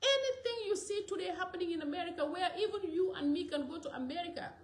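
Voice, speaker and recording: A woman from the Gambia, giving an impassioned monologue that often rises to loud exclamations. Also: very high-pitched, fast talker, echoey room. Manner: rising to loud exclamations, mixing in Wolof. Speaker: commentator from the diaspora.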